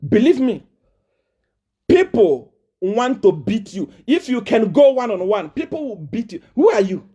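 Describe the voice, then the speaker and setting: Nigerian guy ranting and taunting, high voice that jumps all over, keeps repeating himself. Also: very animated, unhurried, husky. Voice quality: loud, taunting, repetitive. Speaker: preacher. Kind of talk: angry challenge to a rival. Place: South Africa.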